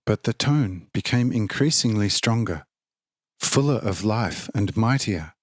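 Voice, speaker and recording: A man narrating a religious text in a steady, formal audiobook reading. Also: lowish voice, measured pace, dry recording, clean studio sound.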